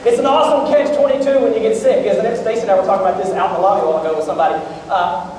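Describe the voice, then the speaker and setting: A man's voice: high voice, fairly even intonation, rapid-fire, background noise. A man, preaching a sermon as pastor. He jokes and talks directly to the crowd. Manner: joking storyteller, talks to the crowd. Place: large church auditorium. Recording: echoey hall recorded from far off.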